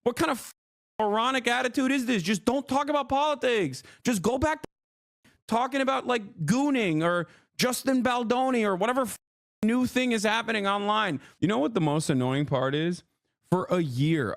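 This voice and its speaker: A man's voice: high voice, moderate pace, dry recording, clean studio sound. A man streaming live, angrily ranting with lots of swearing as he reacts to another creator. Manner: angry, profane, ranting. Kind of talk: heated reaction rant to live chat.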